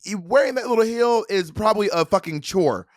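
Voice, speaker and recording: A man co-hosting a casual chat, animated, profane and giggly. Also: high voice, a little fast, dry recording, clean studio sound. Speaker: co-host. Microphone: desk mic at a computer, streaming live.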